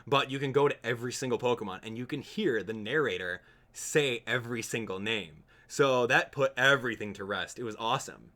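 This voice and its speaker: A man's voice: medium pitch, brisk, bright, forceful tone. A young man chatting casually while streaming a game live, joking with viewers and laughing often. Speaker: gaming streamer. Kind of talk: live gameplay stream chat.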